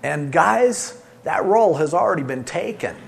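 A middle-aged man preaching a sermon, swinging between loud emphasis and soft, soothing asides. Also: a little high, expressive, normal speed, creaky. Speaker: pastor.

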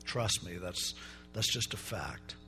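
A middle-aged male pastor preaching a sermon in a relaxed, conversational way, telling stories and acting out the people in them. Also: low-pitched, takes it slowly, creaky, faint music behind. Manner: conversational storytelling preacher, acts out quoted voices.

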